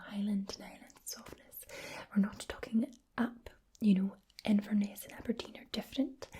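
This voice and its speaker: A Scottish woman hosting an ASMR channel, talking in a soft unvoiced whisper with gentle pauses. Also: mid-range voice, husky. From Scotland.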